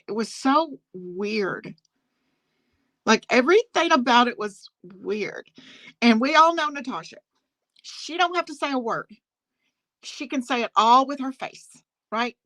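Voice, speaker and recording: Bright, indignant woman telling a story. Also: a little high, no echo, low-quality recording. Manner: indignant, laughs often, addresses the host directly. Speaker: guest on a live talk panel. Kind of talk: casual storytelling rant.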